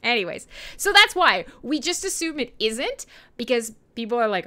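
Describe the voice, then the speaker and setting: A young woman from Canada hosts a casual livestream show, rambling between topics and laughing often. Her voice is bright and jumps lively up and down in pitch. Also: normal speed. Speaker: livestream radio host. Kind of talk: casual livestream chat, reading chat questions.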